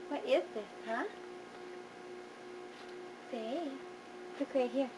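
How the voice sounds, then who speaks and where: High-voiced mom talking slow baby talk behind a home camcorder, music playing behind. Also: female voice, poor audio. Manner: cooing, repetitive sing-song baby talk. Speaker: mother filming her baby. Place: indoors at home. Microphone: camcorder mic, speaking from behind the camera.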